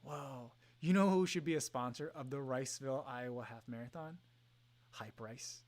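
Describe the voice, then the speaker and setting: A man in his thirties hosting a casual livestream, reading chat messages aloud with frequent ums and soft laughs. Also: mid-range voice, normal speed. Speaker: livestream host.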